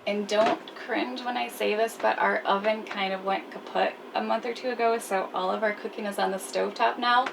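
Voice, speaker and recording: A woman with a gravelly, creaky edge to her voice chats about her cooking in a self-deprecating way. She is on a small boat cabin, and a clear steady noise runs under her voice. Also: mid-range voice, brisk, few pauses, far from the mic. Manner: chatty and self-deprecating, laughs often. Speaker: sailing vlogger. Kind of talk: casual cooking chat. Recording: noisy boat ambience.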